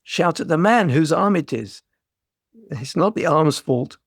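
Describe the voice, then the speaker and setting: A man voicing a level-headed male friend in a folk tale who keeps correcting his companion, with a gravelly voice. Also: fairly high pitch, expressive, measured pace, dry recording, studio quality, heavily acted. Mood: insistent. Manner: reasoning, correcting.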